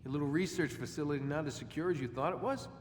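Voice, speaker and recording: A man's voice: fairly high pitch, fast talker, long reverb tail, slight background noise, lightly acted. An actor playing a sarcastic, defensive young male prisoner who mocks his captor. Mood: defiant.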